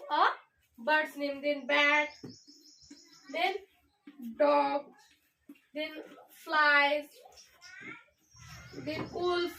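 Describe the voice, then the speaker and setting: High-voiced Indian English teacher. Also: female voice, pushed and bright, slight background noise, low-quality recording. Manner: slow, spelling words out letter by letter. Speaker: student teacher. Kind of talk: classroom poem lesson.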